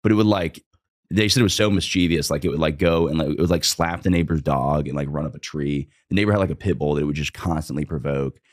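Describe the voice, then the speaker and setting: A man's voice: rumbling low, fast, dry recording, studio quality. A young man telling a rambling comedic story in casual chat, laughing mid-sentence and swearing often. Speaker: storyteller guest.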